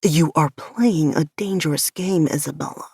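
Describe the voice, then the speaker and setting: A woman voicing an angry, possessive young man who speaks in a low, clipped hiss. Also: moderate pace, gravelly, warm tone, breathy edge, no room sound, clean studio sound, full character voice. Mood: growling.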